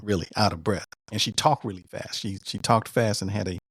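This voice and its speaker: A man in his fifties, a veteran, casually retelling a doctor's visit in an animated way, repeating words and quoting what was said. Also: lowish voice, brisk, husky, no room sound, clean studio sound. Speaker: veteran sharing his cancer treatment story. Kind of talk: casual storytelling.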